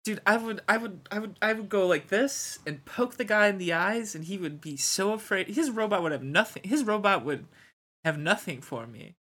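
A man chatting on a livestream who gets excited and keeps restarting his sentences. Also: high-pitched, moderate pace. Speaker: streamer. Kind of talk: casual livestream chat.

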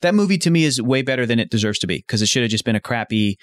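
A man's voice: medium pitch, lively intonation, rapid-fire, no echo. A young man rambling cheerfully in casual podcast chat, piling one joke onto the next. His voice sits in a middle register. It is recorded close and dry, with almost no room sound. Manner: enthusiastic, rambling, joking. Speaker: podcast co-host.

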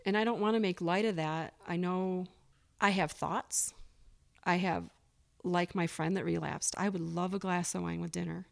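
A woman's voice: fairly low pitch, steady tone, normal speed, creaky. A woman guest on a recovery podcast, speaking earnestly and openly, sometimes acting out her own past thoughts. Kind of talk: candid recovery interview.

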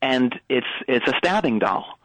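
A man playing a rambling, oddball sports coach calling into a radio show, deadpan with many restarts. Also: medium pitch, unhurried, no room sound, poor audio. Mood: bumbling. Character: rambling middle-aged male sports coach. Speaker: caller. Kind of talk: comedic call-in bit.

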